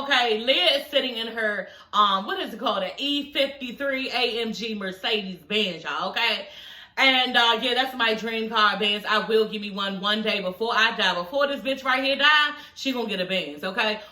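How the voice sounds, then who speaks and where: A young adult woman giving a casual, animated recap of a TV episode, talking straight to her viewers and swearing freely. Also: on the high side, normal speed, roomy sound, far from the mic, rough recording. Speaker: TV episode reviewer.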